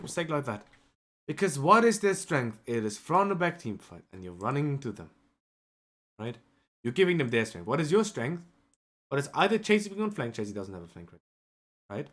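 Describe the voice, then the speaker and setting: Guy coach breaking down a replay live, lively up and down voice, fairly high, keeps going "right?". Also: fairly quick. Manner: emotional, animated, keeps asking "right?". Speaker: esports coach. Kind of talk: live-streamed match review.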